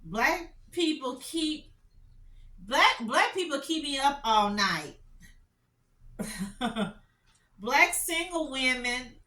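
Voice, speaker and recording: A woman's voice: high-pitched, lively intonation, sharp tone. A middle-aged woman doing casual commentary, reading lines aloud and reacting with dramatic disbelief. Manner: dramatic, incredulous reactions, slow emphatic reading. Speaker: commentary channel host. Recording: echoey room, voice from a distance.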